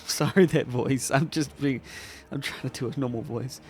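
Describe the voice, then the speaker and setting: A man streaming a game playthrough as a jam judge, tossing in amused, self-deprecating remarks. His own voice sits at an average pitch and sounds casual. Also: normal speed, soft background music. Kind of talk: casual let's play commentary.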